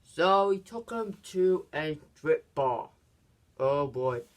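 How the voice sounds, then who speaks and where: Casual channel reviewer, unscripted plot retelling, hesitant delivery with frequent restarts, puts on pitched-up voices for quotes. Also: animated. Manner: halting, many fillers and restarts; acts out quoted lines in higher voices. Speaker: movie reviewer.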